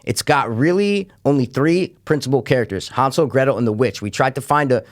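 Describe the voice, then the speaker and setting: A man's voice: medium pitch, a little fast. A man co-hosting a casual movie review podcast, talking in an emphatic, rambling way and swearing freely. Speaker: podcast co-host, film reviewer.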